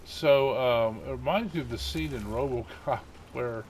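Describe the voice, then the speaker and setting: A man's voice: medium pitch, unhurried, slight background noise. A middle-aged man hosting a gaming channel, chatting casually over gameplay in a rambling way, with many fillers and chuckles.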